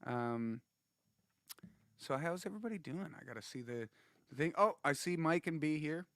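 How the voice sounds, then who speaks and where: A man's voice: a little high, lively intonation, normal speed, fairly bright tone, no echo. A man hosting a casual livestream, rambling and laughing, restarting his sentences often. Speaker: host and musician.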